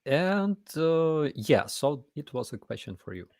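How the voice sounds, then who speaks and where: A man's voice: fairly high pitch, big pitch swings, unhurried, a little mellow, dry recording, clean studio sound. A man, hosting a casual live chat and talking in a blunt, emphatic way. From Ukraine. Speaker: host.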